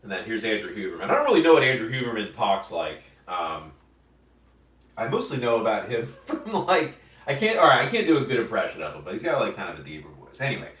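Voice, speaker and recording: A comic artist casually comments over his own comic pages, rambling into asides with frequent fillers. His lowish, fairly bright voice swings widely in pitch and moves fast, recorded roomy and from a distance.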